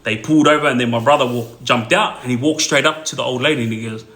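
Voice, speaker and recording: A man's voice: medium pitch, fairly even intonation, fast talker, fairly bright tone. A man tells a rambling, filler-heavy story casually on a phone livestream. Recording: roomy echo.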